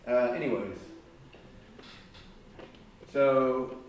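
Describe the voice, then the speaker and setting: A man's voice: medium pitch, drawn-out words, highs cut off, slight background noise. A man tutoring a group of students through algebra word problems, guiding them with patient questions. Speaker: math tutor. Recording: very echoey room, mic far off.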